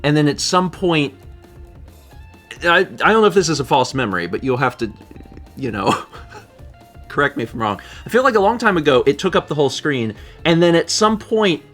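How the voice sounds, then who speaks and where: A man co-hosting a live stream, chatting casually, reading chat messages and joking with squeaky put-on voices. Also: big pitch swings, moderate pace, a bit bright, soft background music. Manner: jokey, breaks into high squeaky put-on voices.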